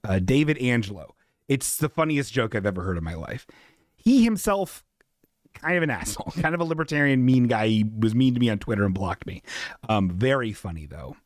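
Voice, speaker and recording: A man's voice: mid-range voice, animated, brisk, no echo, clean studio sound. A man hosting a comedy livestream in casual chat, rambling and self-deprecating, often laughing at his own asides. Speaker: podcast host.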